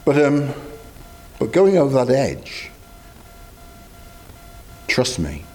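Brief: male preacher, husky voice, chatty lively sermon delivery, faint music underneath. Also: medium pitch, slow. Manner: conversational, animated, storytelling with asides.

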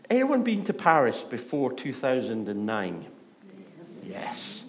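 A middle-aged Scottish pastor preaching a sermon, telling stories and moving between hushed and loud, lively delivery. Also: male voice, medium pitch, takes it slowly, a little hiss or hum. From Scotland. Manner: storytelling, shifts from hushed to loud and animated.

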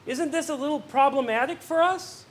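Man, pastor, sermon, very high voice, earnest, swells on questions, softens on somber points. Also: moderate pace, slight background noise. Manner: earnest, repeats words and restarts phrases; rises and swells on emphatic questions, drops soft on somber points.

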